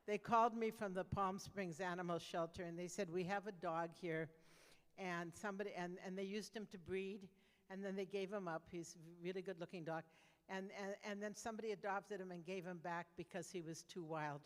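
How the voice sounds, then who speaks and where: A woman's voice: lowish voice, steady tone, brisk, in a large hall. An older woman doing stand-up comedy, telling brash, conversational stories with frequent restarts.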